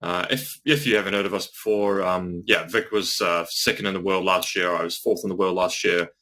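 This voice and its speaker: A man, a podcast guest chatting in a relaxed, hesitant way. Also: low-pitched, a little fast. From New Zealand. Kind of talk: casual podcast chat.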